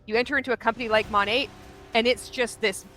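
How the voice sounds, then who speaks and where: A woman's voice: fairly high pitch, steady tone, quick pace, sharp tone, soft background music. A woman hosting a commentary show, reacting to video clips in a blunt, sarcastic, critical way. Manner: mocks others by quoting them in exaggerated voices.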